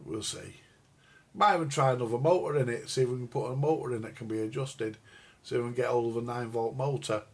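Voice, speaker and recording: A man's voice: mid-range voice, quick pace. An older man, chatting crudely and jokily to viewers on a live stream about records and radios. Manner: crude, jokey, addresses viewers as guys. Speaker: record collector vlogger. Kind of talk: rambling live-stream chat.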